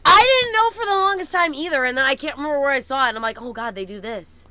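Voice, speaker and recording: A young woman chatting casually with viewers, blunt and swearing, laughing often, cooing softly at her dogs. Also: high-pitched, racing, no room sound. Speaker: streamer.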